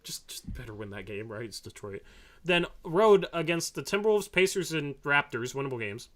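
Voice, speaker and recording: A man's voice: fairly high pitch, big pitch swings, normal speed. Chatty male podcast host, rambling. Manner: rambling, laughs often, drifts soft and quiet. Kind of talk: casual postgame chat.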